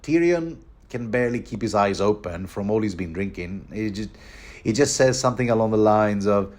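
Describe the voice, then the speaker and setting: A man talking through a book chapter in a loose, rambling commentary. His voice sits on the low side, and he chuckles and trips over his words as he goes. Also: animated, normal speed, a little mellow. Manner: rambling, chuckling, many fillers and restarts.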